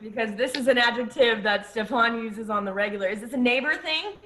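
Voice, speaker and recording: A woman speaks on a casual video call, slightly high-pitched and very bright in tone. She asks playful, teasing questions. Her delivery is lively and forward. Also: a little fast, rough recording. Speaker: panelist.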